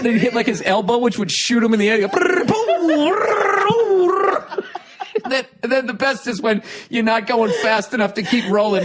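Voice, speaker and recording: A man's voice: very high-pitched, background noise. A man hosting a podcast, telling a story casually, laughing often and swearing a lot. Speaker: podcast host.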